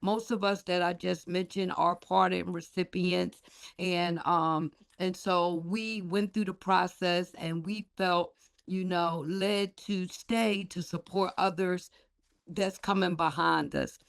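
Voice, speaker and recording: A woman's voice: lowish voice, fairly even intonation, slow, gravelly, dry recording. A woman pastor giving a heartfelt award tribute, emphatic and repetitive, with a preacher's lilt, speaking on a video call.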